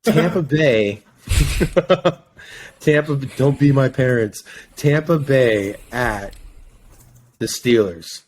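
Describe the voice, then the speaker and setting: A man's voice: medium pitch, extremely slow, darkish tone, a little hiss or hum. A man hosting a casual sports podcast, joking as he reads through the weekend's game picks.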